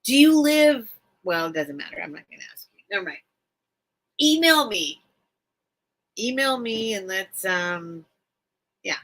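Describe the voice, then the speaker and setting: A woman chats casually with her live-stream viewers, her voice bright and slightly tense. She talks slowly and rambles, circling back and repeating phrases when she gets emotional. Her pitch sits in an ordinary middle range for a woman. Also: lively intonation. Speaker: live-stream seller and host.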